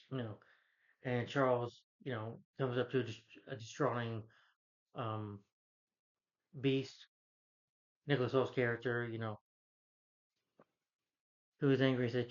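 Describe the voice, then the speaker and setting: A man's voice: mid-range voice, little pitch movement, measured pace, pauses often. Rambling male film reviewer, lo-fi. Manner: rambling, full of "you know" fillers, exasperated. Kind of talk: rambling casual review rant.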